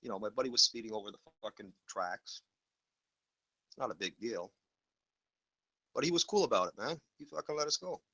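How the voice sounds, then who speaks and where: Swearing, bright-voiced man. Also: mid-range voice, lively intonation, a little fast, pauses often, husky, lo-fi sound. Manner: blunt, swears freely. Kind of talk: casual storytelling chat.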